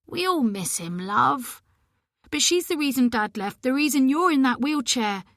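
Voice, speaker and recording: A woman voicing a gentle, grieving mother in her seventies who pleads softly and tearfully with her daughter. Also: high voice, animated, unhurried, dry recording, clean studio sound, voice pushed up, full character voice. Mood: pleading.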